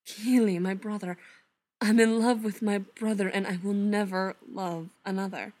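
A woman's voice: mid-range voice, steady tone, normal speed, darkish tone, close to an everyday voice. A woman voicing an anguished young man in a read-aloud story, pleading and strained. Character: anguished young man in love with his brother.

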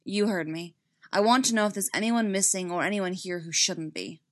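A woman's voice: mid-range voice, normal speed, natural voice. A woman reading as a stern Jedi master. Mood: commanding.

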